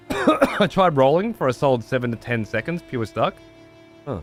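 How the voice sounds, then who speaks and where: A man streaming a video game, chatting casually and swearing freely with excitable outbursts. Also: mid-range voice, unhurried, faint music behind. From United Kingdom. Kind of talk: casual gameplay livestream chat.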